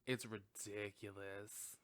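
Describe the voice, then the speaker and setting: A man hosting a podcast and giving a casual, rambling movie review, animated and full of swearing and fillers. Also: lowish voice, takes it slowly, no room sound. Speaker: podcast host.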